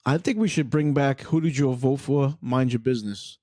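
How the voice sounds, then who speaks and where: A man's voice: medium pitch, moderate pace, dark tone, dry recording, clean studio sound. A man hosting a podcast and interviewing a guest in an easygoing, chummy way. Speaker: podcast host. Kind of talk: casual interview chat.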